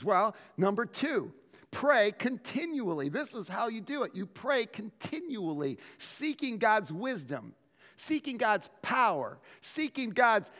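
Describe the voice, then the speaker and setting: A man preaching a sermon as pastor, telling stories in an animated way and often restarting his words. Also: high voice, long reverb tail. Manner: animated storytelling with frequent word restarts.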